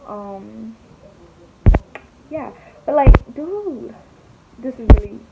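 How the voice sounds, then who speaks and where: In this casual storytelling vlog, a young woman does her makeup and narrates dramatically and chattily, swearing and saying "like" a lot. Her fairly high voice is animated yet extremely slow, with vocal fry. The audio is a bit dull, with a faint hiss.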